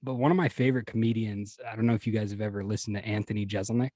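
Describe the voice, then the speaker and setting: A man's voice: lowish voice, steady tone, rapid-fire, warm tone, no room sound. A man chatting as a guest on a podcast, rambling and swearing casually, laughing often.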